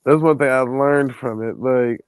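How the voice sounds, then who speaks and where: A man hosting a stream, telling travel stories in a casual, animated and profane way. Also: mid-range voice, measured pace, smooth, no echo, low-quality recording. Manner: animated, profane, acts out quoted people. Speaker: stream host. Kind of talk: casual storytelling chat.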